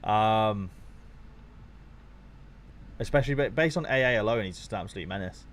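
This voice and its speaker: A young man with a fairly low voice, chatting casually to his live-stream audience as he watches football. He talks loosely and gets excitable, swearing freely along the way. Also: moderate pace, slight background noise.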